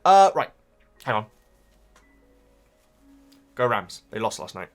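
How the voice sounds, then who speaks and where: A man's voice: lowish voice, big pitch swings, takes it slowly. Man, casual vlog chat, stammering restarts, rambling, faint background music. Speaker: YouTuber reacting to book comments. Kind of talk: casual chat reading viewer comments.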